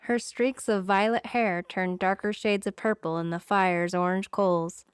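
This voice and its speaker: A woman's voice: mid-range voice, unhurried, hardly any pauses, smooth, no echo, studio quality. Woman narrating a romance story. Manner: steady, expressive reading. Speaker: audiobook narrator.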